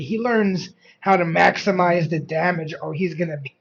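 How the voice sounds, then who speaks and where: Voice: medium pitch, normal speed, creaky, muffled recording, slight background noise. A streamer reacting to a video with casual, joking commentary. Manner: joking, laughing interjections.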